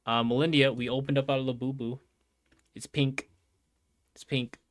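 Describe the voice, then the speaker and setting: A young New Jersey streamer chats casually on a livestream and reads out chat, rambling with lots of fillers and calling everyone bro and dude. His mid-range voice stays level at a moderate pace, in a dry, studio-quality recording.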